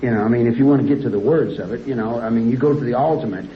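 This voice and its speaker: A man's voice: mid-range voice, racing, a little hiss or hum. A middle-aged man, an inmate being interviewed in a prison interview room, rambling and repetitive and growing indignant. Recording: dull lo-fi archive tape in a roomy room.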